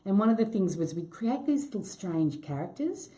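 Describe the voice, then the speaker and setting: Lively, mellow actress. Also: female voice, medium pitch, normal speed. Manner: self-deprecating, laughs easily, swears when excited. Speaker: actress being interviewed. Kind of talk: casual chat.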